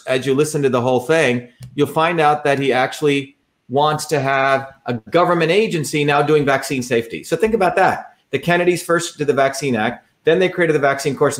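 A man speaks to his supporters over a livestream in a rallying, combative way. His voice sits somewhat high for a man, and he hammers the same short phrases again and again to drive them home. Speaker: political candidate. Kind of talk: livestream campaign talk.

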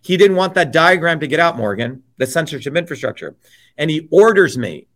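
Interview guest, man, slightly high voice, forceful and blunt, keeps asking "okay?". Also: big pitch swings, fairly quick. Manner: forceful, checks in with repeated "okay?"; blunt, swears freely. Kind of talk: emphatic conversational storytelling.

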